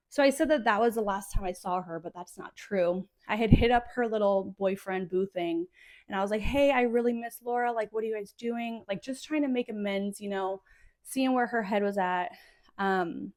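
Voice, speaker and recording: A woman's voice: mid-range voice, a little slow. Woman, 30s, podcast host; casual solo monologue, rambling and emotional, filler-heavy.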